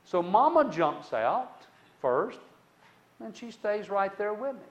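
Speaking slowly in a high, sing-song voice, a man shares his personal testimony in a conversational way, lurching from loud to hushed and often addressing the listener directly. The audio has its highs cut off.

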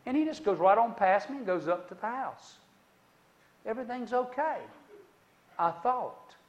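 A man telling a personal testimony story in a conversational way, with dramatic swings between loud and hushed delivery and many asides to the listener. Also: high voice, animated, normal speed, dull audio.

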